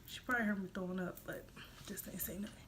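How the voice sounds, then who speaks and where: Bright-voiced young woman telling a story. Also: mid-range voice, fairly even intonation, fast. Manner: chatty and rambling, full of fillers, addresses viewers directly. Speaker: vlogger. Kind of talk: casual storytime vlog. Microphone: phone.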